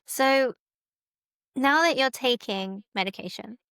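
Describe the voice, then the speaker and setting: A woman's voice: high voice, slow, a bit bright, smooth, dry recording. A young woman with an Essex accent, hosting a casual interview in a chatty, friendly way and laughing along. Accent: Essex English. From Essex, England. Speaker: interview host.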